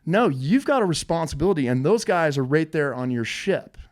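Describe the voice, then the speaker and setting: A man's voice: a little high, expressive, fairly quick. A man hosting a podcast who speaks in an emphatic way and repeats his points. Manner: emphatic, admiring, repeats phrases. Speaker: podcast host. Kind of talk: interview conversation.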